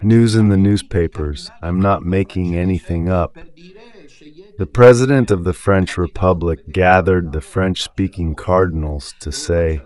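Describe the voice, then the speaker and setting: A radio preacher with an Italian accent delivers impassioned religious commentary in a low, unhurried, slightly mellow voice. He's emphatic and rhetorical, frequently asking listeners whether they understand.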